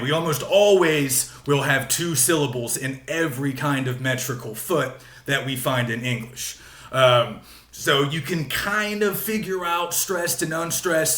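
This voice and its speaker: A man with a somewhat higher voice delivers a recorded classroom lecture. He explains patiently, circles back to repeat key points, and fills pauses with small hesitations. The sound is roomy and echoey. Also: fairly bright tone. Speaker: literature lecturer.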